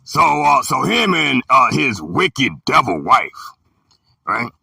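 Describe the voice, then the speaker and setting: A man in his fifties telling a story in an emphatic, preachy way, sometimes shouting, with a gravelly, raspy voice. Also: mid-range voice, big pitch swings, slow, dry recording. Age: 50s. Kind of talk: storytelling talk. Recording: dry and distant from the mic.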